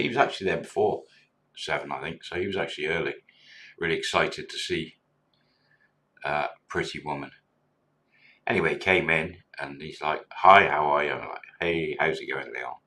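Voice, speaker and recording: A man's voice: a bass voice, sharp tone. A middle-aged man, a former bar manager, casually tells a story and acts out the quoted dialogue in a chatty way.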